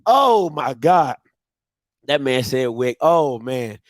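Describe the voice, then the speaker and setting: A man hosting a live show, reacting to a clip with loud, laughing, incredulous ranting. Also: medium pitch, very animated, slow pace, dry recording.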